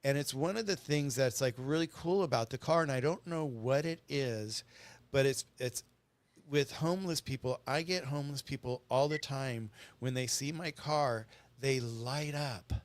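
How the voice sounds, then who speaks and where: A man's voice: mid-range voice, moderate pace, no echo. A middle-aged man chatting as a guest, telling stories in an earnest, rambling way. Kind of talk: casual storytelling chat.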